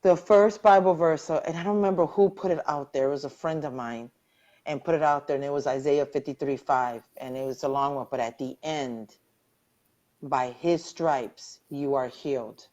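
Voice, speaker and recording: A woman's voice: deep voice, steady tone, brisk, a little mellow, lo-fi sound. A middle-aged woman earnestly sharing her personal story as a cancer survivor in a live online interview, often repeating phrases for emphasis.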